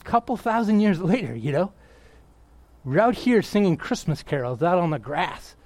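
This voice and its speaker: Excitable, high-voiced male pastor preaching. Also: normal speed, no echo. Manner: excitable, bursts into yelling then drops to quiet. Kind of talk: sermon.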